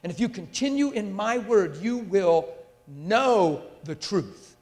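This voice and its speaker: Male preacher, high-ish voice, fiery and emphatic, long hall reverb on the mic. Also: expressive, takes it slowly, darkish tone. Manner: intense and emphatic, with rhetorical questions to the audience. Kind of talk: sermon. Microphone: handheld or stand mic.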